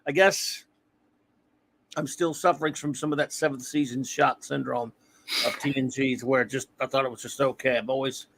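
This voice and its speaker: A man's voice: medium pitch, steady tone, moderate pace, creaky, fairly bright tone. A middle-aged man hosting a casual review chat, rambling and correcting himself as he goes, with frequent chuckles. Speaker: podcast host.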